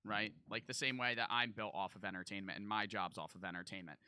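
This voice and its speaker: A male streamer talks back at a video in casual, profane, argumentative bursts, with a very bright, sharp edge to his voice. His mic sounds close and dry, with no room around it. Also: lowish voice, fairly even intonation, fast talker, clear, resonant tone, dry recording. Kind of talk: casual live reaction commentary.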